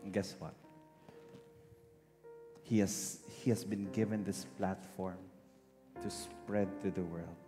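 A man's voice: low voice, fairly even intonation, takes it slowly, pauses often. A man with a Filipino accent preaching a sermon, earnest and emotional. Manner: switches between English and Tagalog, emotional and earnest. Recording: hall reverb with faint music.

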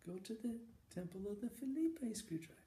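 Guy doing a high squeaky old monk, broken english, echoey room. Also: a little hiss or hum. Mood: eager insistent. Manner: broken halting English, rising excited squeak. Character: old male mountain monk, eager, speaking broken English. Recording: echoey room with faint ambience.

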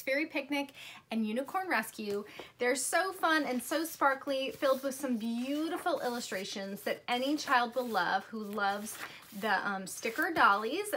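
A woman's voice: on the high side, a bit bright, a little hiss or hum. A woman acting as a book consultant, showing off children's books in a casual, enthusiastic way, gushing and dropping frequent ums. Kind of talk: casual product showcase.

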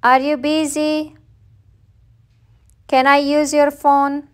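Very slow high-voiced woman teacher. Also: little pitch movement. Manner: says each phrase slowly and plainly, often twice. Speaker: English teacher. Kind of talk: slow read-aloud phrase drill.

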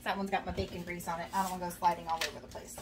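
Loud music plays behind a young woman as she talks rapid-fire to her viewers while cooking at home. Her voice is fairly low with little pitch movement, and her friendly chatter rambles with plenty of fillers. There's faint background noise, and she sits slightly away from the mic.

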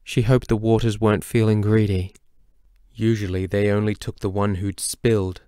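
Man, audiobook narration, low voice, dry close sound, measured reading. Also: flat delivery, warm tone, clear, resonant tone, dry recording. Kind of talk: scripted narration.

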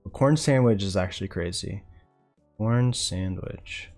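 A man's voice: on the low side, measured pace, darkish tone, faint music behind. A man streaming live, chatting casually in a laid-back, rambling way with frequent chuckles. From North Carolina.

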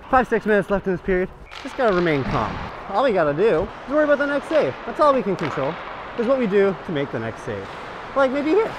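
A hockey goalie with a high-sitting voice cracks self-deprecating jokes through a game at the rink, his banter picked up by a helmet-mounted action camera. Background noise runs under his mic'd-up commentary.

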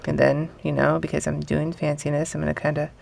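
A woman's voice: low-pitched, level tone, brisk, gravelly, a little mellow. A young adult woman teaching hand lettering in a casual, offhand, self-deprecating way while she draws. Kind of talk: casual tutorial talk while drawing.

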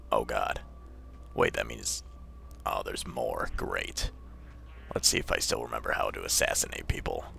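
A man voicing a gruff, cocky, crude armored super-soldier in a deep gravelly put-on voice, giving comedic gameplay commentary. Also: bright, forceful tone, slight background noise, heavily acted. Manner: brash, profane, yelps when startled. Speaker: let's play gamer.

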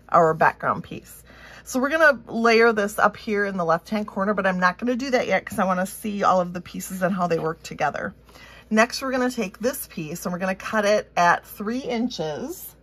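A woman's voice: medium pitch, a bit bright. A woman from Minnesota with a Minnesotan accent, chatting casually as she walks through a craft tutorial step by step. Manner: chatty and upbeat, thinking aloud while working. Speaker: craft instructor.

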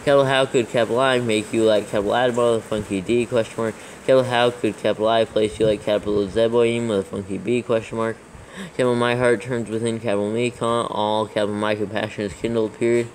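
A man reads text aloud slowly and carefully, calling out each capital letter, comma and period as he goes. His pitch stays flat and level, with little rise or fall. A faint hiss sits under the voice. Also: poor audio. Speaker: reader dictating scripture text. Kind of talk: dictation with spoken punctuation.

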